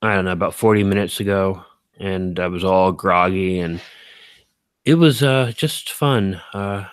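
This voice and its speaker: A man's voice: low voice, measured pace, smooth, no echo. A man chatting casually on a live stream, reading out viewer comments, rambling with lots of fillers and self-corrections and poking fun at himself.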